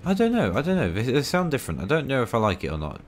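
A man's voice: medium pitch, wildly swooping pitch, racing, a little hiss or hum. A man giving rambling, self-mocking commentary while playing a tank game, full of dry asides. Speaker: gaming video creator.

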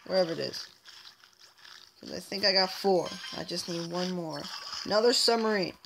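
A woman gives casual, playful let's-play commentary while gaming, chatting to herself and taunting enemies like a mock villain. Her voice is medium-pitched and a bit bright, and the low-quality recording has a little hiss or hum.

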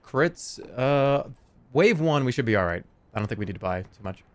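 A man in a casual gaming voice chat, talking in low-key, mumbled asides. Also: expressive, normal speed, no echo.

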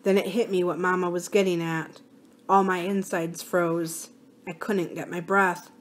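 A woman reading a novel aloud for a library series, expressive and slowing for the sad passages. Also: fairly low pitch, slight background noise. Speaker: library story reader. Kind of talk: storybook read-aloud.

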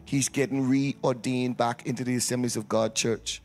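Playful pastor leading a church service. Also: male voice, medium pitch, level tone, normal speed. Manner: playful, teasing, call-and-response with congregation. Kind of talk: church service announcements and prayer. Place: church sanctuary.

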